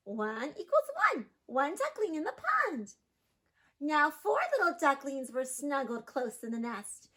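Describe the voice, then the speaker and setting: A woman teacher giving a phonics lesson to young children, sounding out words and gasping with excitement. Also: high-pitched, unhurried.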